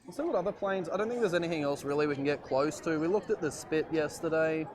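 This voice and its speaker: A man's voice: on the high side, quick pace, background noise. A man live streaming from an outdoor airshow, chatting casually and jokily with lots of fillers. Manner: rambling, joking, lots of fillers.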